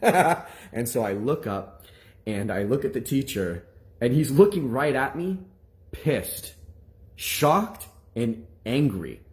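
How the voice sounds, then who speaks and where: A man, a minister, giving a personal testimony to his congregation in an animated, rambling storytelling manner full of restarts. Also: medium pitch, measured pace.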